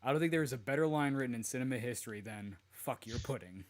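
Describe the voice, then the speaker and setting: A man's voice: medium pitch, fast. A man co-hosting a podcast in casual chat, laughing often and swearing easily. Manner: laughs a lot, profane, relaxed. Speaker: podcast co-host.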